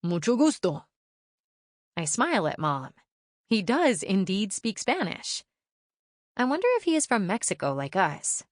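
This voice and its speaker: A woman reading a children's audiobook aloud in first person, lively and expressive storytelling. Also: mid-range voice, moderate pace, dry recording, clean studio sound. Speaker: audiobook narrator.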